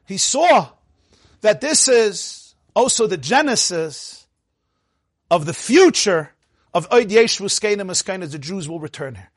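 Animated man giving a Torah talk. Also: high voice, a little slow, husky, no room sound, studio quality. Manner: animated storytelling with laughs and Hebrew terms. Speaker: rabbi teaching. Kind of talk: Torah lecture.

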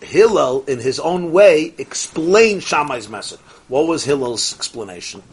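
A man teaching a Torah lecture as a rabbi. He mixes Yiddish and Hebrew terms into his English and swings from soft asides to rising exclamations. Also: on the high side, lively intonation, unhurried, husky.

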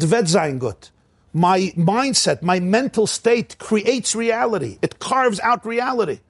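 High-voiced man giving an animated sermon. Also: no echo, studio quality. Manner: animated storytelling, acting out quotes.

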